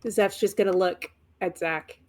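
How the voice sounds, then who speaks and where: A woman player in a tabletop game, speaking calmly and earnestly. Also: medium pitch, a little slow. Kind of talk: playing a character in a tabletop game.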